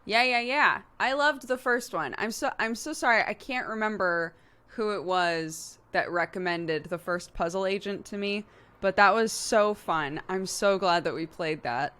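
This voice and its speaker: A woman's voice: medium pitch, measured pace, a bit bright. A woman streamer in casual livestream chat, rambling playfully and laughing often.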